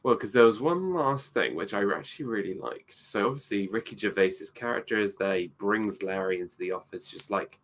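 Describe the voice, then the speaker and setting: A man co-hosting a casual movie review chat, speaking haltingly and making dry remarks. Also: fairly low pitch, lively intonation, a bit bright. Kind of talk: casual live-stream chat.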